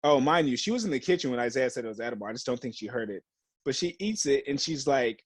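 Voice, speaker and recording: A young man telling a story on a casual podcast, slipping into other people's voices for the quotes and swearing freely. His pitch sits in the middle, and the close mic sounds dry. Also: fast talker, dry recording. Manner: animated storyteller, acts out quotes, heavy swearing and slang. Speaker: podcast co-host. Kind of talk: casual chat.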